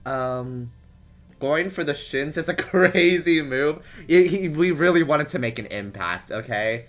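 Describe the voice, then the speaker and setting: A man's voice: on the high side, animated, measured pace, a bit bright, soft background music. A young man streaming, reading a story aloud and chatting in a playful, self-mocking way.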